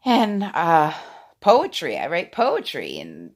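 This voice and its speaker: A woman in her forties talking to her phone camera in a rambling, excitable way, swinging from loud outbursts to hushed asides. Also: sits low, takes it slowly. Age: 40s. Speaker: vlogger. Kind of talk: casual talking-head monologue.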